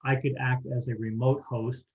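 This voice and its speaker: A man's voice: mid-range voice, little pitch movement, moderate pace. A man who is a square dance caller, chatting in a friendly, enthusiastic way on a video call. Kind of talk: casual chat on a video call. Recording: roomy, dull call audio.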